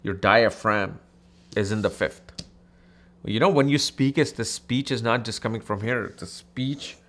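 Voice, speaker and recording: A man from India teaching astrology in a casual, animated, conversational way, acting out people in his anecdotes. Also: fairly low pitch, a little slow.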